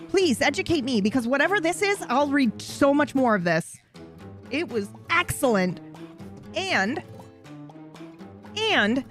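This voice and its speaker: Chatty woman streamer with a high voice. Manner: animated, swears, rambles with asides. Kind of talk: casual chat.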